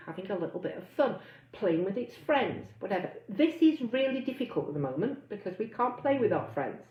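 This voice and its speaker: Chatty woman coach, roomy sound. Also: mid-range voice. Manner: chatty, reads comments aloud, acts out inner voices. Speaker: weight-loss coach. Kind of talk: live online coaching talk. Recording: roomy, slightly dull sound.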